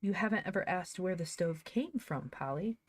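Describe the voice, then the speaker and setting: A woman voicing a loving, busy mother in a storybook reading, gentle and teasing. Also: lowish voice, animated, moderate pace. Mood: fond.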